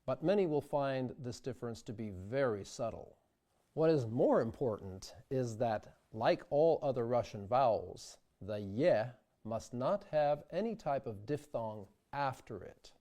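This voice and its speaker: A man teaching sung diction, speaking slowly and carefully and demonstrating vowel sounds aloud. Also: medium pitch, expressive, mellow. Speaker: diction instructor. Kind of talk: instructional video lesson.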